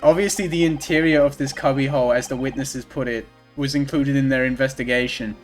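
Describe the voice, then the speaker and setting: A man's voice: medium pitch, fairly even intonation, a little fast, soft background music, natural voice. A man reading aloud the lines of a haughty aristocratic lord prosecutor in a formal, lofty manner.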